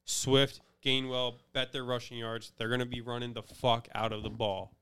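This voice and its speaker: A man's voice: mid-range voice, flat delivery, normal speed, sharp tone, clean tone. A man co-hosting a casual sports podcast, talking brashly and confidently about bets. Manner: brash, profane, confident betting talk. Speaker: podcast co-host. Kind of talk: casual chat.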